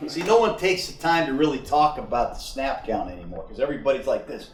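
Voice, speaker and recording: A man in his sixties coaching quarterbacks in a film room, animated and profane, shouting out snap counts and cadences. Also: mid-range voice, moderate pace, distant mic. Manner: profane, drill-sergeant bark. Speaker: football coach. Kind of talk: coaching session. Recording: echoey room, mic from afar, faint music.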